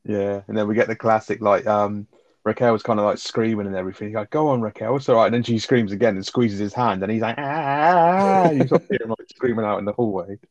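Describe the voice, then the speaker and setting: Fast-talking guy, lo-fi sound. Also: fairly low pitch, level tone, darkish tone, no echo. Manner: fast, rambling, full of fillers and swearing. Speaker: podcast co-host. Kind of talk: casual chat reviewing a sitcom episode.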